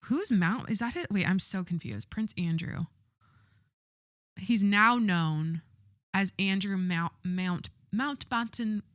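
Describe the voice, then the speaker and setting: A woman's voice: mid-range voice, lively intonation, slow pace, pauses often, fairly bright tone, dry recording, clean studio sound. A woman podcast host chatting casually as she reads out news items and reacts bluntly, swearing and often stopping to correct herself.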